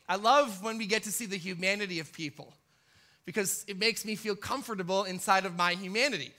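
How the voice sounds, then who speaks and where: Delivering a church sermon, a man grows more and more intense as he dramatizes the pleas of those he quotes. His high voice is pushed and bright, at a moderate pace.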